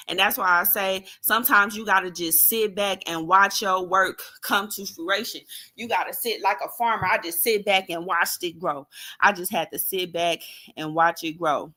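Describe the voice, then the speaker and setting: A woman streaming live, ranting loudly with lots of laughter and profanity. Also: on the low side, moderate pace. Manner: loud, profane, laughing, animated. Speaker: livestream host. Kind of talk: excited livestream rant.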